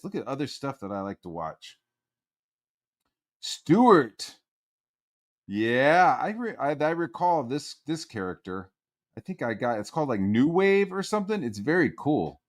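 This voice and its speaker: A man's voice: medium pitch, very animated, moderate pace, no room sound, studio quality. A man streaming from his room, ranting casually and swearing a lot. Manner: profane and heated, lots of swearing.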